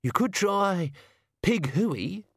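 Brief: man putting on a blunt, cheeky old manservant, pitched up, audiobook storytelling. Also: big pitch swings, drawn-out words, vocal fry, husky, no room sound, clean studio sound, exaggerated voice.

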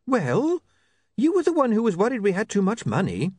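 A man reading an audiobook voices a brisk, sensible young woman who speaks in a quick, matter-of-fact way. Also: high-pitched, wildly swooping pitch, darkish tone, no echo, clean studio sound, voice pushed up, exaggerated voice. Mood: questioning.

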